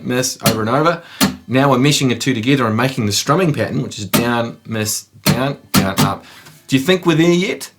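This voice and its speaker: A man teaching guitar in a relaxed, joking way, counting out down and up strokes. His voice sits in a middle range, and clear guitar strumming plays under his talk. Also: medium pitch. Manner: playful, chatty, counts strums aloud. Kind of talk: casual guitar lesson.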